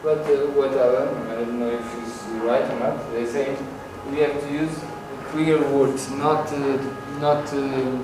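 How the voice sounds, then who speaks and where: A man's voice: mid-range voice, fairly even intonation, measured pace, few pauses. A man in a workshop audience asking a question, hesitant and searching for words. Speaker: workshop participant. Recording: distant echoey room with clear noise.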